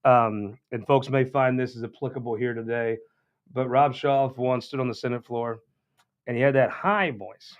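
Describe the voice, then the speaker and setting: A man's voice: mid-range voice, steady tone, moderate pace. A man hosting a political talk show, rambling in a folksy, casual monologue with frequent restarts. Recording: dull lo-fi sound.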